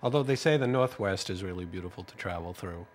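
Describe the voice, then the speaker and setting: Deep-voiced Boston man co-hosting. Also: lively intonation, quick pace, a little hiss or hum. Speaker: co-host. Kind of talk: casual chat.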